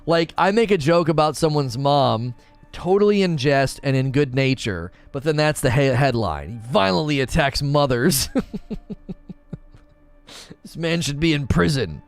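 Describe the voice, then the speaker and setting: Casual chat from a guy with a slightly high voice, laughing a lot, faint music under him. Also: lively intonation, a little slow, clean tone. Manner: jokey, laughs often, does mock British voices. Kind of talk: casual live-stream chat.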